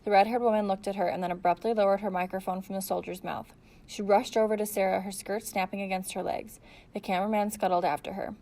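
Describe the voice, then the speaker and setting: Woman audiobook reader, steady storytelling, mid pitch. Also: fast. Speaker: audiobook narrator. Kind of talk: audiobook narration.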